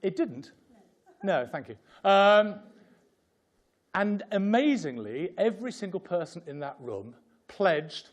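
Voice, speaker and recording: A man presenting at a fundraising seminar in a joking, impassioned way, speaking to a room. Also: on the high side. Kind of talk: humorous seminar talk. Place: conference room with an audience.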